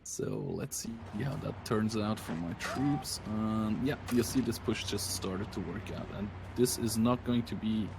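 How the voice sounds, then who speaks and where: A man's voice: fairly low pitch, unhurried, vocal fry, few pauses, over music. A man co-hosting a let's play, chatting and joking casually as he plays, laughing often. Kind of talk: casual gameplay commentary.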